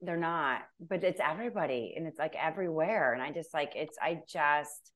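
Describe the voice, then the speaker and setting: A woman's voice: low-pitched, normal speed, fairly bright tone. A woman hosting a podcast in casual chat, gushing and effusive, swearing freely. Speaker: podcast host.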